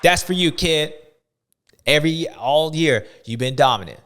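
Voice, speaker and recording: High-voiced playful man hosting. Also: expressive, a little slow, noisy background. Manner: playful, slangy, rambling. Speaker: show host. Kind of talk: casual sports commentary.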